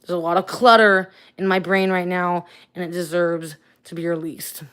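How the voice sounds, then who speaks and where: A woman's voice: fairly low pitch, little pitch movement, normal speed, a bit bright, smooth. A woman ranting angrily and swearing on a late-night livestream, tired and venting, talking to a phone or webcam at home. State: tired, up at four in the morning.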